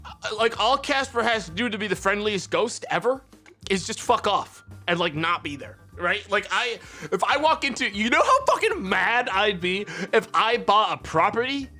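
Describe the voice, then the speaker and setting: A man's voice: high voice, very animated, moderate pace, bright, forceful tone, faint music behind. A man streaming live who rants and swears heatedly while he chats to his viewers. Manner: ranting, profane, heated. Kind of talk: casual livestream chat.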